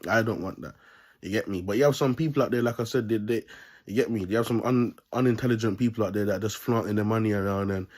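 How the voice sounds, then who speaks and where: Man, low husky voice, loose preacher vlog, repeats his catchphrase constantly. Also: fast talker, darkish tone. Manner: repeats "you get me" as a constant tag; laughs between points. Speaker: self-styled preacher vlogger. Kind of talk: casual preachy monologue to camera.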